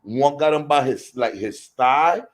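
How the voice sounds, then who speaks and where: A man's voice: mid-range voice, a little slow. Profane man telling a dog story. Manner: profane, animated, acts out quoted voices. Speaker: guest storyteller. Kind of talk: casual storytelling.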